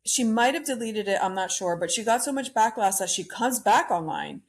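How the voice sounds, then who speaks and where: A woman's voice: fairly high pitch, animated, moderate pace. A woman hosting a solo podcast, ranting bluntly and opinionatedly about pop culture and swearing freely. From Cuban-American. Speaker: podcast host.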